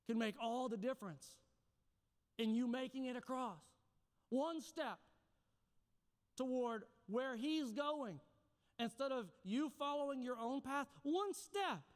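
A man's voice: extremely high pitch, clean tone. A man preaching a sermon as pastor, passionate and dramatic, with many questions to the congregation. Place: church sanctuary. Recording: echoey church hall.

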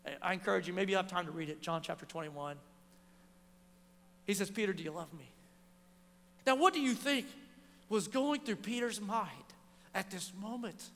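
A man's voice: sits high, normal speed, long pauses, a bit bright. A male pastor preaching a sermon, telling a story and acting out the lines of the people in it. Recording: long hall reverb.

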